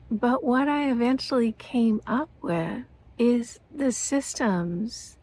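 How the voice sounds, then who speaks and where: A woman's voice: medium pitch, low-quality recording. A woman in her sixties talking to her viewers in a reflective, earnest monologue, telling personal stories with emotion and frequent laughter. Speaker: lifestyle vlogger.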